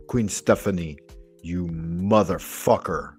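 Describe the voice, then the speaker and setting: A man's voice: on the low side, expressive, a little slow, slightly rough, soft background music. A man hosting a commentary video, ranting emphatically and sarcastically with plenty of swearing. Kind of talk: profane reaction commentary.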